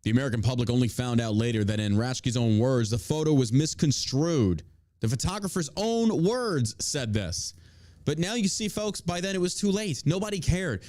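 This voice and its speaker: A man's voice: medium pitch, lively intonation, normal speed, darkish tone, dry recording. A man hosting a show, delivering profane, combative and mocking political commentary. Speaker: podcast host.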